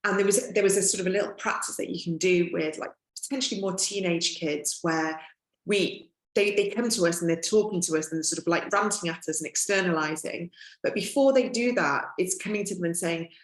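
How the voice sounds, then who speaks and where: Middle-aged mum talking about parenting, lowish voice, kinda thoughtful, echoey room. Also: female voice, a little fast. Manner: reflective, warm, frequent fillers. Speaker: podcast guest, mother. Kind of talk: conversational podcast chat.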